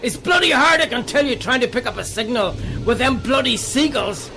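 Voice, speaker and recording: A man voicing a blustery male pirate captain perched up a mast, bellowing as if shouting over the elements. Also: very high-pitched, animated, brisk, over music.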